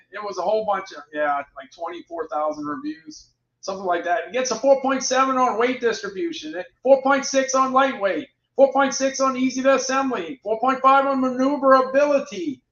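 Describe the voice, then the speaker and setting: A chatty man runs a casual product livestream, often repeating his phrases as he reads out prices and ratings. His voice sits high and sounds bright and forceful. The recording is roomy and dull, with a lo-fi edge. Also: normal speed.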